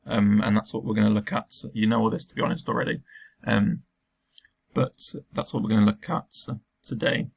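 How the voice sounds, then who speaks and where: A man's voice: fairly low pitch, little pitch movement, moderate pace, vocal fry, slightly rough. A man teaching a recorded remote lesson, explaining patiently step by step with frequent ums.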